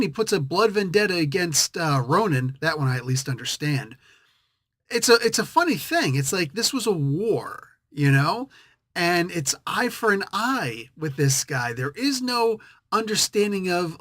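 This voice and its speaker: Man, comic book reviewer, casual monologue, rambling, self-correcting, somewhat high pitch, dry close sound. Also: expressive, moderate pace, fairly bright tone, no room sound.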